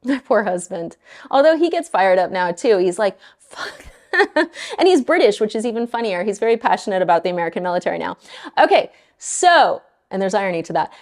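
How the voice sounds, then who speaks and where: Blunt, animated woman mortgage lender. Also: mid-range voice, brisk. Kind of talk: casual talk to viewers.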